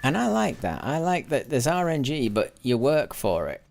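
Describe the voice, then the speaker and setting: A man's voice: medium pitch, wildly swooping pitch, normal speed, vocal fry, a little mellow, soft background music. A man giving casual live commentary while playing a game, rambling and correcting himself as he goes, sometimes muttering to himself. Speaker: gaming livestreamer.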